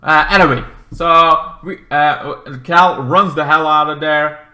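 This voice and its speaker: A man recapping a video game in a rambling, excitable way, swearing often and acting out the characters in big voices. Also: on the high side, slow pace, roomy sound. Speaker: game reviewer.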